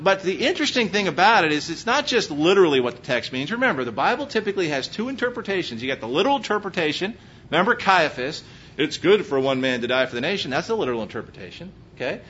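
Animated preacher, slight Texas twang. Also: male voice. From Pennsylvania. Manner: animated and emphatic, with frequent rhetorical questions. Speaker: pastor. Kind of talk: sermon. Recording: muffled recording with faint low rumble.

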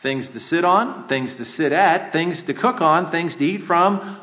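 A man's voice: fairly high pitch, a little slow, few pauses, bright, forceful tone. A male pastor preaching a sermon with earnest rhetorical questions and emphatic repetition, in a church sanctuary. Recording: echoey hall, dull lo-fi sound.

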